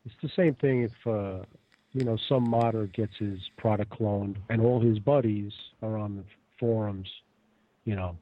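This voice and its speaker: Casting: husky male panelist, blunt, heard over a phone-like line. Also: lowish voice, normal speed. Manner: matter-of-fact, blunt. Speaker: regular panelist. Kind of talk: casual talk radio.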